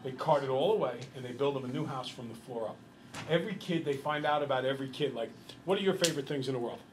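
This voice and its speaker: A man's voice: mid-range voice, quick pace, a little hiss or hum, low-quality recording. A man teaching a math class, telling a long story and quizzing his students as he goes. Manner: lively, chatty storyteller who quizzes the class.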